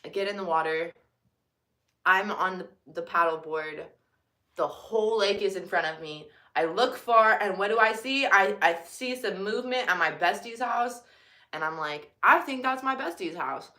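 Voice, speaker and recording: A young woman vlogger telling a casual storytime, swinging from loud excited bursts to quiet mutters. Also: mid-range voice, moderate pace.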